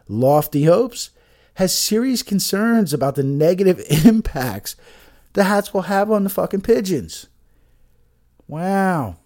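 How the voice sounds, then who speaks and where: A profane man hosts a casual, comedic read of news stories in a mellow, dark voice. His pitch swings widely through sarcastic asides, and he keeps mumbling half to himself between lines.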